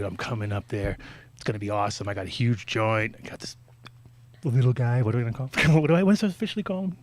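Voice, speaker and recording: A man's voice: lowish voice, dry recording. Rambling, profane male storyteller. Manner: rambling, profane, acts out quoted voices. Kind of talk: casual storytelling on a talk show.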